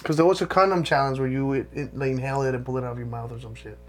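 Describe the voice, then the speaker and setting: A man's voice: medium pitch, fairly even intonation, racing, faint music behind. A man co-hosting a podcast in crude casual chat, swearing freely and often breaking into laughter. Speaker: podcast co-host.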